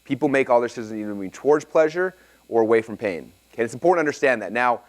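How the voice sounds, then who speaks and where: A man teaching a live seminar to an audience and taking their questions, energetic and excitable, often checking in with "okay?". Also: medium pitch, very fast. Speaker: seminar presenter.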